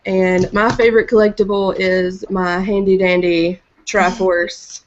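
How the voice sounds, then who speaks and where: A woman's voice: mid-range voice, level tone, unhurried, muffled recording, slight background noise. A woman with a Southern US accent, a YouTuber, introducing herself in a bubbly, casual group chat. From Southern United States. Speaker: YouTuber guest.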